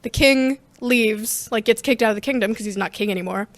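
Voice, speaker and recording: A teenage girl, a student theater member, chatting as an interview guest in a rambling, slangy, animated way. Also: on the high side, a little fast, dry recording. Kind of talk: casual interview chat.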